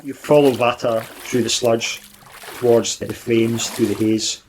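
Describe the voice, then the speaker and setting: A man's voice: mid-range voice, steady tone, darkish tone, a little hiss or hum, poor audio. Man narrating as game master. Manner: descriptive, halting restarts.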